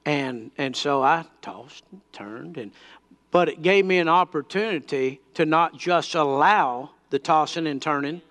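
A man's voice: on the high side, measured pace, fairly bright tone. A man preaching a sermon, telling a personal story that builds into fervent declarations.

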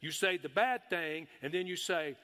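A middle-aged man preaching a sermon, folksy and excitable, breaking into shouts of praise. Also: on the high side, normal speed. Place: church hall. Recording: long hall reverb.

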